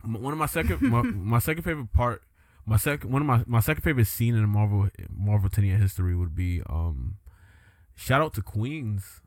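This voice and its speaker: Animated podcast host with a lively pitch. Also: male voice, brisk, dry recording, studio quality. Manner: animated, laughing often, jokes with put-on voices. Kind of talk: casual chat.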